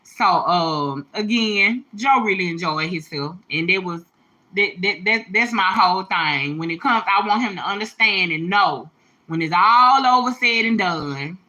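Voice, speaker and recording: A woman's voice: fairly low pitch, expressive, measured pace, sharp tone. A woman talking casually and emphatically to her viewers on a livestream, a mother speaking with slangy directness and some tears in her voice. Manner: emphatic, heartfelt, slangy, talks straight to viewers. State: a little teary.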